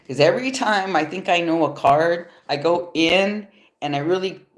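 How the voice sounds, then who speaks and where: This tarot reader has a lowish voice and talks at a normal pace, sounding nasal and stuffy because of allergies. She's at home after yoga, livestreaming a relaxed, loose reading on her phone, with casual swearing and frequent chuckles.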